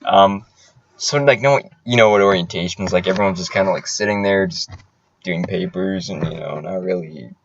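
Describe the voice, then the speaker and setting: A man's voice: low voice, fairly quick, slight background noise. Give me a young man casually telling a story on a podcast, in dull lo-fi audio. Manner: storytelling, loose, lots of "like". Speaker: podcast co-host. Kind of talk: casual chat.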